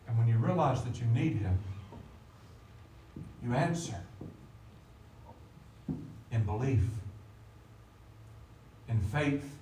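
A man preaching a sermon as pastor, animated, with big swings in loudness. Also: mid-range voice, slow pace, pauses often, distant mic, a little hiss or hum. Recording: echoey room, voice from off the mic.

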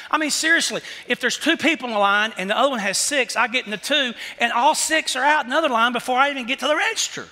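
High-voiced pastor with a bright tone. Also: male voice, fast, few pauses, in a large hall. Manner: storytelling, conversational preaching. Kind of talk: sermon.

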